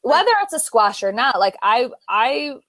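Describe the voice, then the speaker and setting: A woman co-hosting a podcast, chatty and easygoing. Her fairly high voice moves up and down a lot. The sound is dry and close. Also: expressive, normal speed, a bit bright, no echo. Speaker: podcast co-host. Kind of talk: casual chat.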